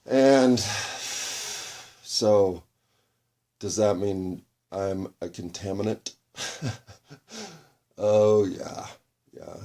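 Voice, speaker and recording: A man hosting a solo podcast, talking in a slow, halting way as he searches for words, his voice breaking with tears. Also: fairly low pitch, dark tone. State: tearful, voice breaking. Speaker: podcast host. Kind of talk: reflective solo monologue.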